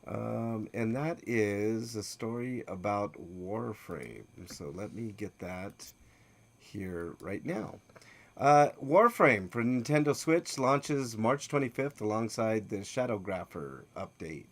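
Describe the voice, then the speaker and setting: A man's voice: lowish voice, animated, slow pace. A man hosting a casual gaming news podcast, reading stories with lots of filler words and teasing his co-host. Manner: reads game news with many filler "uh"s, teasing. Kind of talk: casual livestream news chat.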